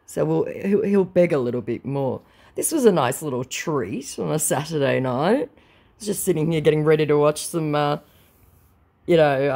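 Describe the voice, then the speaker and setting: A woman with a low, dark voice sits at home reading chat messages aloud as a scam baiter. Her casual commentary is blunt and sarcastic, and she swears freely.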